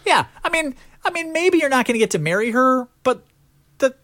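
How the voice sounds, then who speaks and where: Animated man ranting about movies. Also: very high voice, fairly quick. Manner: animated, joking rants with fillers. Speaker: podcast host. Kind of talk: casual movie review chat.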